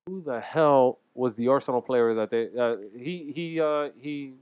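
A man's voice: medium pitch, a little slow, smooth. A young man hosting a radio show, teasing his co-host in casual banter and swearing freely. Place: radio studio. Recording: slightly dull lo-fi sound.

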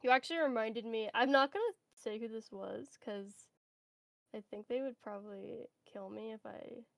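A woman's voice: on the high side, normal speed, creaky, no room sound. A woman chatting casually on a podcast, reacting with laughs and starting her own story. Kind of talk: casual chat.

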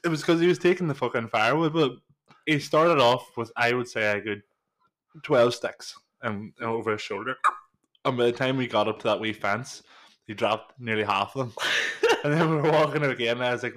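A man's voice: medium pitch, a little fast, fairly bright tone. A man, co-hosting a podcast in casual chat, retelling stories with acted-out quotes and swearing. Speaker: podcast co-host.

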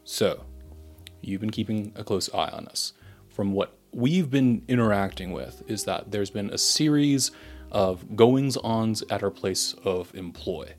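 A man's voice: on the low side, measured pace, soft background music. A man playing his character in a tabletop role-playing game, speaking in an earnest, diplomatic way. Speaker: player.

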